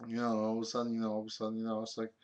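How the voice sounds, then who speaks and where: A man's voice: on the low side, completely flat delivery, rapid-fire, a little mellow. A young man telling a story from his own life in a rambling, casual way, full of filler words and swearing.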